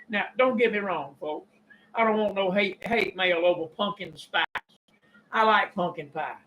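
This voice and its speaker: An older man with a Kentucky drawl, talking in a rambling, folksy monologue and clearing his throat often. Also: high-pitched, normal speed, sharp tone, a little hiss or hum, low-quality recording. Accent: Southern US (Kentucky). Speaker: YouTube preacher and storyteller. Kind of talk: casual monologue.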